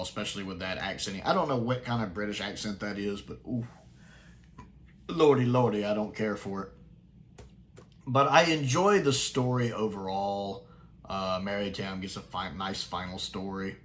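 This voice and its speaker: Man in a relaxed review, lowish voice, eager and rambling. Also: moderate pace, slight background noise. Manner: enthusiastic, chatty, with fillers and restarts. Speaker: sci-fi reviewer. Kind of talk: casual review commentary.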